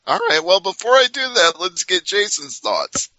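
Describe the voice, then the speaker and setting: Male host, very bright tense voice, dry close sound, lo-fi, chatty. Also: sits high, wildly swooping pitch, normal speed, no room sound. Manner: chatty, leads the discussion. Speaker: podcast host. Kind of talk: casual wrestling podcast chat. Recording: dull lo-fi sound.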